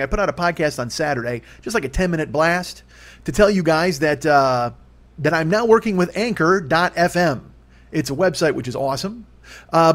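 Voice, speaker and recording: A man in his forties talks quickly through a rambling solo podcast monologue. His voice sits a bit high, and he swears casually and laughs at himself. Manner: rambling, profane, self-deprecating. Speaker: podcast host.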